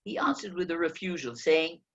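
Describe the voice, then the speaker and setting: A man narrating a first-person memoir as an audiobook reader, telling the story in a lively way. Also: a little high, brisk, highs cut off. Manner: lively storytelling, acting out quoted speech.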